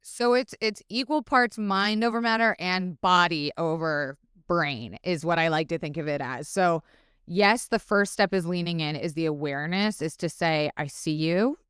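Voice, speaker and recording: A woman with a lowish, smooth voice talks openly as a podcast guest, expressive and blunt, dropping curse words and acting out her inner voices. The sound is close and dry. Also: moderate pace, dry recording. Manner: frank and expressive, swears freely, acts out inner dialogue. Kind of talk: casual interview chat.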